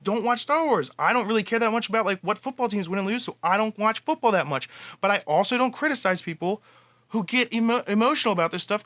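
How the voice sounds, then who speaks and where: A man's voice: high voice, expressive, fast talker, pushed and bright, no echo. A man giving a casual fan monologue, passionate and rambling, with frequent restarts. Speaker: fan commentator.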